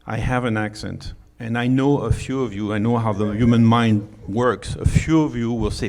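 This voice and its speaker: French-accented middle-aged male presenter, gravelly tone, chatty and joking. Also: mid-range voice, steady tone, normal speed, hardly any pauses, darkish tone. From France. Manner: joking, chatty, with many fillers and restarts. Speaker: conference speaker. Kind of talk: conference talk. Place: conference hall.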